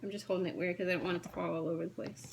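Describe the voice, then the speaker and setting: A woman chatting quickly and excitedly as she shows her cross-stitch projects, jumping from one topic to the next. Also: lowish voice, creaky, slight background noise. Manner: fast, chatty, jumps between topics; excitable, gushing. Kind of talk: casual chat showing craft projects.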